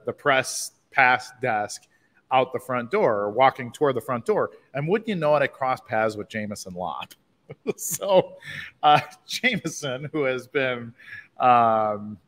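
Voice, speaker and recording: A man's voice: mid-range voice, a little slow, long reverb tail. Laughing man telling a story. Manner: animated, laughs often, restarts a lot. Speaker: livestream host. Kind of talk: casual storytelling.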